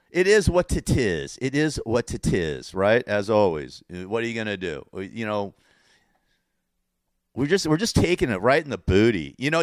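A man's voice: lowish voice, clean tone, no room sound, clean studio sound. Rambling, sarcastic Californian man. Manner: rambling and sarcastic, repeats himself, laughs at his own jokes. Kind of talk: casual political rant to camera.

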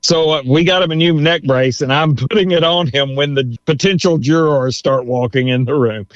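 Man, lawyer storyteller, higher voice, dull dry recording. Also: moderate pace, dry recording. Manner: animated storyteller, chuckles through anecdotes. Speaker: lawyer and author. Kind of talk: storytelling interview.

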